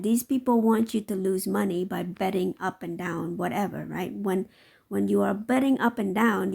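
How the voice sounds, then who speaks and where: A woman comments on a news segment with open skepticism, pausing often to hunt for words. Her voice is deeply gravelly, with a husky edge. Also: darkish tone. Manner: halting, with many fillers and asides; sarcastic, skeptical. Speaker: stock market commentator. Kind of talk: reaction commentary over a news clip.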